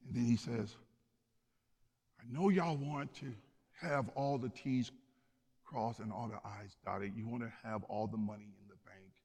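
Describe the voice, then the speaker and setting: An impassioned male pastor delivering a sermon, his voice set at an ordinary middle pitch. He swells to emphatic, rising peaks and then drops back low and quiet. A long hall reverb trails after every phrase. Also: fairly even intonation, a little slow, pauses often, slightly rough.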